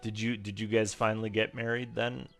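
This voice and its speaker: A man's voice: lowish voice, flat delivery, brisk, vocal fry, music in the background. A man giving casual, chatty gameplay commentary, self-deprecating and swearing now and then. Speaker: streamer.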